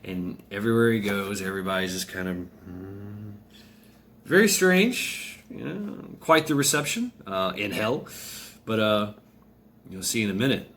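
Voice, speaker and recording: A man's voice: on the low side, moderate pace, fairly bright tone, a little hiss or hum. A man casually telling a story aloud, rambling, with many fillers and restarts.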